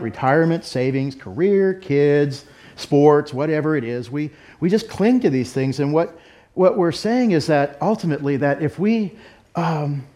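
A fairly high-pitched, slightly mellow voice comes from a middle-aged pastor. He shares a personal story within his sermon, speaking in a candid, conversational, self-deprecating way.

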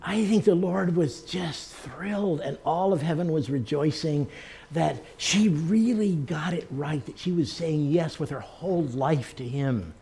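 A man's voice: fairly high pitch, measured pace, gravelly, mellow. A man preaching a sermon, telling personal stories in an earnest way. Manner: earnest storytelling, acting out the people he quotes. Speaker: pastor.

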